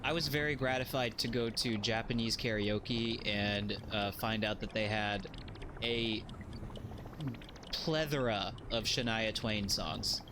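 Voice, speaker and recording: A man's voice: medium pitch, noisy background. A man streaming a game live, rambling in a jokey way, swearing freely and chatting to his viewers.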